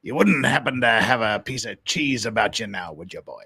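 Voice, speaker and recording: Gruff old storyteller man voiced by a man, theatrical growl, low rumble. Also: lively intonation, moderate pace, pushed and bright, full character voice.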